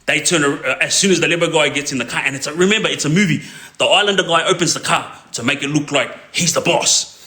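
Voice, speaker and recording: A man's voice: fairly high pitch, fast talker, bright, forceful tone, echoey room. A man telling a crime story casually, rambling and checking in with a constant "yeah?". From Australia.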